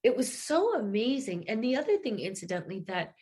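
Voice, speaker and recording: Briskly and in a mid-range voice, a singer from New England, a middle-aged woman, recounts stories as a guest in a relaxed interview. She brings them to life, acting out the quotes.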